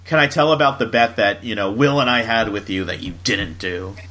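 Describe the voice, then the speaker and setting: A man's voice: on the low side, a little fast, sharp tone. Chatty man from Florida, easygoing host. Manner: chatty, full of fillers and laughs. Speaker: podcast host. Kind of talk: casual chat.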